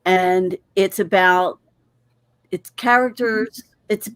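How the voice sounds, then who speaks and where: A woman's voice: fairly low pitch, slow, a bit bright, clear, resonant tone, no room sound. Chatty woman co-host, dry sound. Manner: chatty, rambling storyteller. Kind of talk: casual chat.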